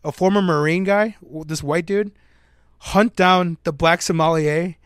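A young man with a fairly high voice tells a story on a casual podcast. He talks in an animated way and throws in jokey asides. The sound is dry and close to the mic. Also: a little slow, clear, resonant tone, dry recording. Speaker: podcast co-host. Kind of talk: casual chat.

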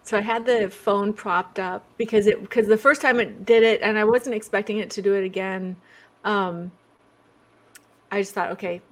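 A woman's voice: mid-range voice, fairly even intonation, normal speed. A woman being interviewed as a guest over a video call, chatty, breaking off her own sentences and laughing often.

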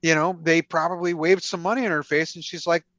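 A man's voice: fairly high pitch, steady tone, fast, fairly bright tone, no echo, muffled recording. A man in casual podcast chat, ranting heatedly and swearing often as he picks apart a film. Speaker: podcast co-host.

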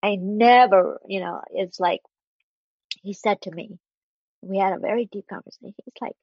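A woman with a husky, slightly breathy voice shares a personal story in an earnest, heartfelt way, stopping and restarting now and then. The sound is dry and close, on a dull, lo-fi recording. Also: mid-range voice, normal speed, no echo. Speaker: interview guest. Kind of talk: candid personal storytelling in conversation.

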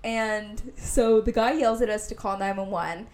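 This Indianapolis podcast co-host is young, with a slightly high, steady, somewhat dark voice and a slightly slow delivery. Chatting casually, she spins out a long, meandering tale that leans heavily on "like."

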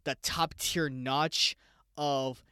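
A young man from the United States hosting a casual solo podcast, excitable, swearing freely and talking straight to his listeners. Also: medium pitch, very slow, clean tone, no room sound, clean studio sound. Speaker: podcast host.

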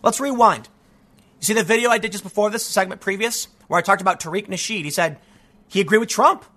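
A man giving an animated, sarcastic political commentary, talking casually and sounding a bit stuffy from allergies. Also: sits high, fast. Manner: animated and sarcastic, with frequent mocking voices. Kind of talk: casual opinion monologue.

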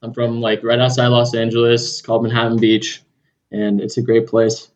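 A man's voice: mid-range voice, completely flat delivery, moderate pace. A man in his twenties with a Southern California accent, talking as a guest in an easygoing way. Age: 20s. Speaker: podcast guest. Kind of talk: casual interview.

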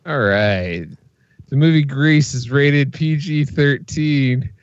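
A man's voice: mid-range voice, slow pace, no echo, lo-fi sound. A man co-hosting a movie podcast in casual chat, easygoing, laughing along and reading out movie details. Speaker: podcast co-host.

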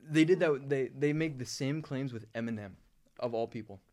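A man's voice: medium pitch, moderate pace, darkish tone. A man co-hosting a comedy podcast, rambling through stories in a laid-back, swearing way. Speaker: podcast co-host. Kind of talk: casual comedy podcast banter.

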